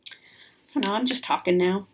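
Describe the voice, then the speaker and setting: A woman's voice: medium pitch, moderate pace, a little hiss or hum. A woman hosting a craft video, chatting casually and rambling enthusiastically through a magazine. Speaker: craft channel host.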